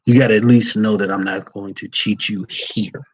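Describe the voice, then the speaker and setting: A man's voice: lowish voice, steady tone, moderate pace, slightly rough, rough recording. A man who is a Vodou priest, talking casually and plainly to his followers and calling them y'all. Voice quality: folksy and plain-spoken, uses y'all. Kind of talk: casual livestream talk to followers.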